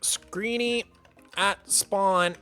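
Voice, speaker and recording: A man's voice: high voice, fairly even intonation, extremely slow, faint music behind. A man streaming a game live, chatting casually and playfully with viewers, laughing often and greeting newcomers by name. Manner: soft baby talk to his cat. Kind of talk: casual livestream chat.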